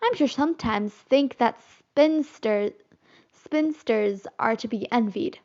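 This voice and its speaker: A woman's voice: fairly high pitch, slow, a little mellow. A woman voicing a bossy young girl who plays mother to a group of boys, fussy and scolding, in a storybook reading. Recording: slightly muffled recording.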